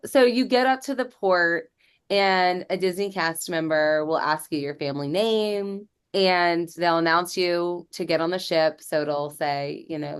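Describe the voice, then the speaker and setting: Lady podcast host and travel agent, kinda low voice, chatty, teasing, explains stuff. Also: measured pace, clean tone. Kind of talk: casual podcast chat.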